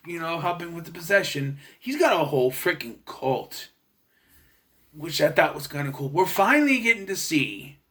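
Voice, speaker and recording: A young man with a bright, forceful, slightly high voice talks through a film review off the cuff. He rambles, second-guesses himself and keeps restarting his sentences. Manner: rambling, unsure, lots of restarts and self-corrections. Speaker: movie reviewer. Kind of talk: casual spoken film review.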